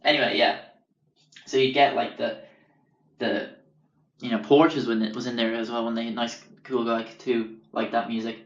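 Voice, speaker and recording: His medium-pitched voice barely moves in pitch, keeping a normal speed with long pauses. The podcast host wanders through casual, cuss-filled anecdotes, impersonating the people in them, and the audio sounds roomy, dull, and lo-fi.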